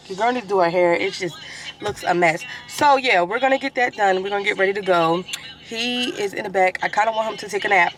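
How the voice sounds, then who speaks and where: A woman's voice: mid-range voice, a little hiss or hum. A woman vlogging in casual, rambling chat full of fillers, sounding stuffy from allergies. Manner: chatty, rambling, with many fillers.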